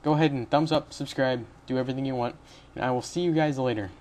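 A young tutorial host talks fast in a mid-range, slightly mellow voice during a casual screen-recorded coding session. He's rambling and chatty, laughing a little and correcting himself as he goes.

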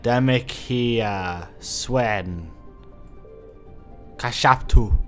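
Faint music plays behind a man with a medium-pitched, fairly bright voice who speaks very slowly. He's a gamer giving rambling let's play commentary, swearing often and thinking aloud as he plays.

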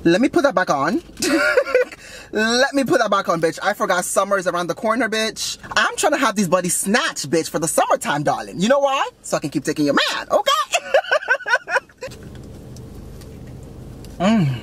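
A man's voice: wildly swooping pitch, normal speed, long pauses, slightly rough, exaggerated voice. A man doing Patricia, a brash sassy young mom. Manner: loud, giggly, swears constantly, swoops up high. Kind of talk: comedy sketch in character. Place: in a car.

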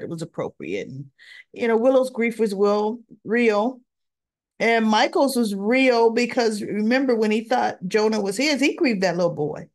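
A woman recapping a daytime soap episode in a casual, chatty way, acting out bits of the dialogue as she retells the scenes. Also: medium pitch. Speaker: soap opera reviewer.

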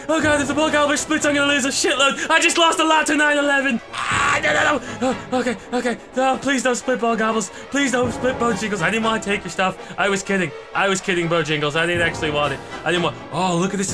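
A man giving comedic gameplay commentary, excitable and mock-serious with crude jokes. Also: very high-pitched, fast talker, few pauses. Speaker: gaming commentator. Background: background music.

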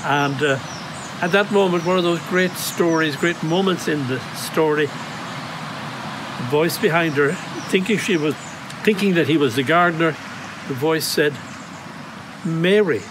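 An Irish priest giving a reflective homily outdoors at a grotto, telling stories in a gentle, conversational way. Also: male voice, on the high side, unhurried, background noise. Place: outdoor grotto on monastery grounds.

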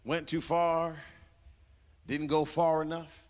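A man's voice: fairly high pitch, little pitch movement, slow pace, long reverb tail. A man preaching a sermon as pastor, dramatic and acting out voices, repeating phrases for emphasis. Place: church sanctuary.

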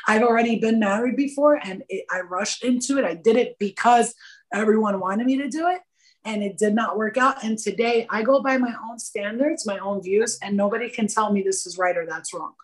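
A woman in her thirties, a podcast guest and energy coach, talking about spirituality in an animated, preachy and profane way. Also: mid-range voice, brisk. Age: 30s. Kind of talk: casual spiritual podcast talk.

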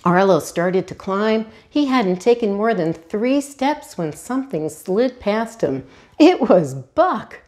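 A woman volunteer reading a children's storybook aloud, animated and asking her young listeners questions. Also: medium pitch, a little slow, few pauses. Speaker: hospital volunteer reader.

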